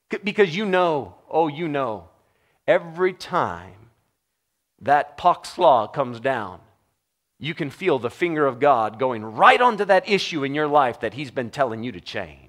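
Casting: male pastor, fairly high voice, conversational sermon, big pitch swings. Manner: animated, wide swings from low murmur to high exclaiming; conversational preaching with rhetorical questions.

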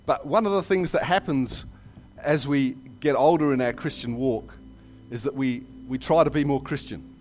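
A man preaching a sermon in a church, telling jokes and stories with lively asides. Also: medium pitch, moderate pace, few pauses, slight background noise. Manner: animated storytelling with jokes and asides. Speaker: pastor.

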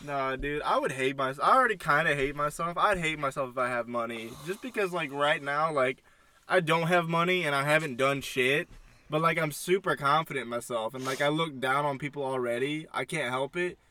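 A man's voice: on the high side, fairly quick, sharp tone. A young man, co-hosting a podcast and ranting bluntly with plenty of swearing. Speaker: podcast co-host. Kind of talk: casual chat.

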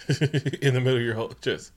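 A man with a mid-range voice and steady tone speaks at a normal speed. Co-hosting a podcast, he casually recaps a movie as a loose, profane storyteller, joking and laughing along the way.

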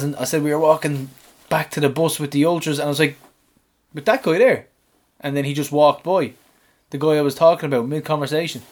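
A man, co-hosting a podcast and animatedly retelling his week, swearing and shouting out the lines he quotes. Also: on the high side. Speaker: podcast co-host. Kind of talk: casual storytelling chat.

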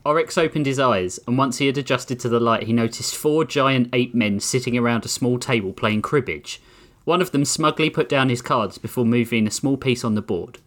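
A man hosting a podcast, reading a story aloud to his co-hosts in an animated way. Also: medium pitch, fairly quick. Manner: animated, laughs mid-read. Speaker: podcast host and story reader.

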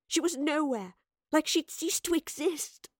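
A woman voicing an older female professor, soft, tearful, guilt-ridden, dry. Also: high voice, unhurried, no room sound, pitched above the performer's own voice. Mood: grieving. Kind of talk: audiobook character voice.

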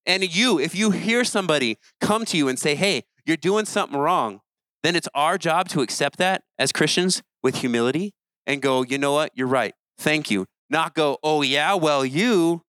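A man with a fairly high voice preaches earnestly to a youth crowd, talking in a plain, conversational way. His sentences stumble and restart now and then. The sound is dry and close. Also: moderate pace, a bit bright, no echo, poor audio. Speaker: youth pastor. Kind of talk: sermon.

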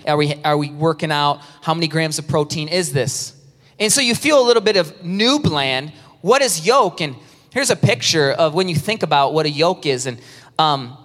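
A man preaching an animated sermon, acting out worried churchgoers in a high, strained voice. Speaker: pastor. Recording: reverberant hall sound.

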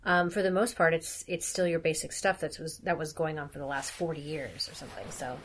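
A woman, a makeup artist, chatting casually in an interview in a hotel room, talking quickly with loud laughs. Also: low-pitched, steady tone, a little hiss or hum. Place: hotel room with soft furnishings.

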